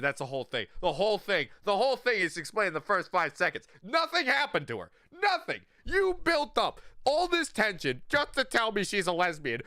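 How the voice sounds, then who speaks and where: Lively, bright-voiced ranting streamer man. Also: high voice, moderate pace, hardly any pauses, no echo, clean studio sound. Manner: animated, profane, exasperated ranting. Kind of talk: ranting livestream commentary.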